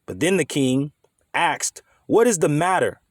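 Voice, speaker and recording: A man's voice: on the high side, expressive, measured pace, dry recording, studio quality. A man giving casual, emphatic scripture teaching, reading verses aloud and commenting in a loose, conversational way with occasional swearing. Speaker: bible teacher.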